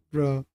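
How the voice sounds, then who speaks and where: A woman streamer chatting casually with viewers, laughing often and speaking with non-native phrasing. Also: darkish tone. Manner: giggly, laughs often while answering chat. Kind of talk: casual live-stream chat.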